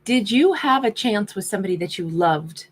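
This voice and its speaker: A woman's voice: mid-range voice, lively intonation, normal speed. A woman giving a casual tarot reading, thinking aloud as she turns over each card. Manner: musing, thinks aloud while reading cards. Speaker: tarot reader.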